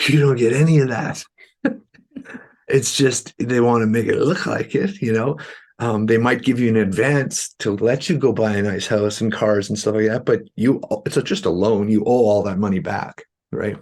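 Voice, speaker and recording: A man's voice: mid-range voice, moderate pace. A man from Canada, a musician guest, telling stories in an interview and acting out the quoted dialogue. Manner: animated, acts out quoted dialogue. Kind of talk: storytelling interview talk.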